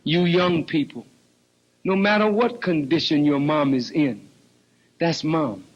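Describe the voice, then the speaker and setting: An older man preaching a sermon, swinging from low murmurs to high shouts. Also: slow. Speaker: minister. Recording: dull lo-fi recording.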